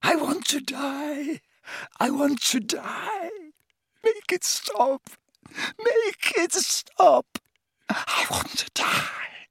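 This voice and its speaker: Dumbledore, a tormented old wizard. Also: male voice, fairly bright tone, no echo, full character voice. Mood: anguished. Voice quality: high, trembling, breathy, at times whispered. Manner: slow, broken pleading. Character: anguished old male wizard, pleading.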